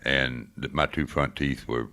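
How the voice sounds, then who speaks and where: Give me an older man with a very low voice hosting morning radio, rambling and folksy. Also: steady tone, a little slow, sharp tone, no echo, clean studio sound. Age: 60s or older. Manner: folksy, rambling storyteller with many uhs. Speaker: radio show host. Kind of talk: casual morning radio chat. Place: radio studio.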